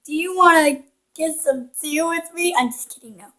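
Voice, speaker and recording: High, bright-voiced playful woman gamer. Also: moderate pace. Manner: playful, cheeky, teasing the game characters. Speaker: gaming channel host. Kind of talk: casual let's-play commentary.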